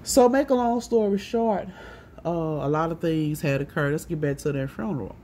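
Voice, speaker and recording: A woman telling a rambling personal story in a casual monologue, profane and animated, often acting out what others said. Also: low-pitched, moderate pace, a little hiss or hum.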